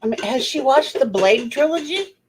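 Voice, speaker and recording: A woman chatting on a live stream with a folksy, drawling delivery. Her pitch rises and falls a lot as she talks, and a faint hiss sits under her voice. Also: expressive, normal speed. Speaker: co-host in a live stream chat. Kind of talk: casual chat.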